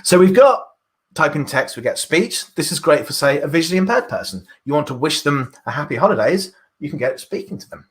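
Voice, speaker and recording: A man's voice: a little high, expressive, a little fast. A British man presenting a workshop, explaining a live coding demo with enthusiasm and frequent restarts. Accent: British English. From Britain.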